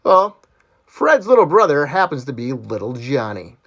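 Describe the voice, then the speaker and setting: A man telling off-color jokes in a casual way, who laughs loudly at his own punchlines. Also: medium pitch, big pitch swings, normal speed, lo-fi sound. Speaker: joke teller.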